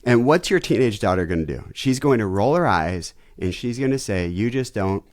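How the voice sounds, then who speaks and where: A man's voice: on the low side, brisk, no echo, studio quality. A man, a pastor, talking as a podcast guest and vividly acting out everyday family scenes. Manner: animated storyteller who acts out family scenes. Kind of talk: conversational interview.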